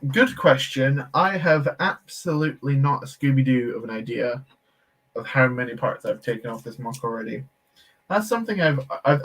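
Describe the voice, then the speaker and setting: During a live Lego building stream, the streamer chats loosely and warmly, reading viewer comments aloud, laughing a lot, and tossing in quick asides. His mid-range voice is slightly bright with a breathy edge.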